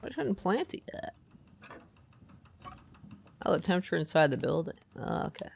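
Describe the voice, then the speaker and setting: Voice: mid-range voice, sing-song, moderate pace, gravelly, a little hiss or hum. A streamer giving live gaming commentary, chatty, thinking aloud and reading game text aloud. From United States.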